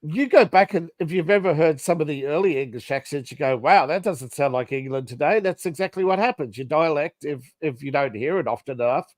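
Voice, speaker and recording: Australian man, podcast co-host, casual chat, blunt, fairly high-pitched, dry close sound. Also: fairly quick, hardly any pauses, no echo. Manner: laughs often, blunt and chatty.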